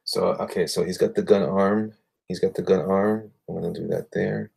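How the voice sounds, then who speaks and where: A man talks casually with his viewers as he draws, rambling and muttering to himself between thoughts. His voice is low, gravelly and husky, yet lively in pitch. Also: moderate pace. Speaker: artist livestreaming while drawing. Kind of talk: casual chat while drawing.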